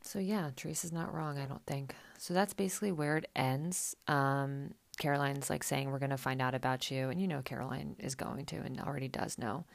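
A woman's voice: extremely low pitch, fairly even intonation, fairly quick, creaky, few pauses. A woman hosting a podcast, recapping a reality show in a chatty, sarcastic, casual way. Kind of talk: casual chat.

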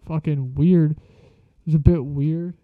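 Young man, casual vlog storyteller, swears constantly, slangy and rambling, slightly raised pitch, dry muffled lo-fi sound. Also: fairly even intonation, slow, no echo.

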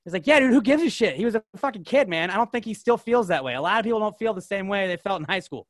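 A man's voice: high-pitched, fast, no echo, clean studio sound. A young man co-hosting a podcast, chatting casually in a rambling way full of "like" and restarts. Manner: rambling, filler-heavy, lots of "like". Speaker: podcast co-host. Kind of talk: casual chat.

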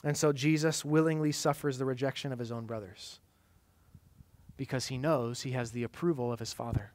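A man preaching a sermon, swinging from loud, emphatic lines to hushed, quiet passages. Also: medium pitch, fairly even intonation, brisk. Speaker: pastor.

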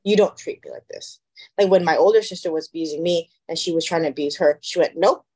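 A woman's voice: deep voice, fast talker, husky. A woman co-hosting a podcast in casual chat, telling stories animatedly and acting out the people she quotes. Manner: animated storyteller, acts out quoted voices. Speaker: podcast co-host.

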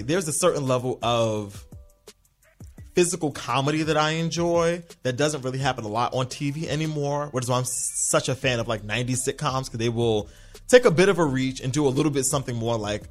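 A man hosting a podcast, recapping a TV episode in a casual, sassy monologue, often slipping into mocking voices. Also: medium pitch. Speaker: podcast host.

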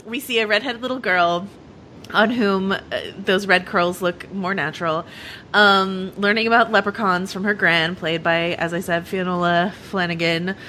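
A woman's voice: mid-range voice, sharp tone, a little hiss or hum. A woman hosting a casual podcast chat, talking with lots of fillers and frequent laughter. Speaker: podcast host.

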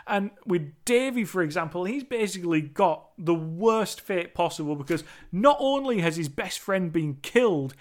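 A man's voice: sits high, animated, normal speed, hardly any pauses. A man recapping a film scene in a casual, emphatic, sweary way, often repeating himself. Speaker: movie reviewer.

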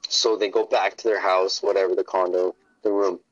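A man's voice: deep voice, flat delivery, moderate pace, dry recording, highs cut off. A man, a podcast guest, in casual chat, telling stories in a rambling, profane way.

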